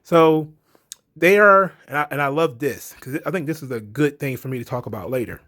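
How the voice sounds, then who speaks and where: Man, casual movie review, blunt, rambling, swears, slightly high voice. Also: a little fast, sharp tone.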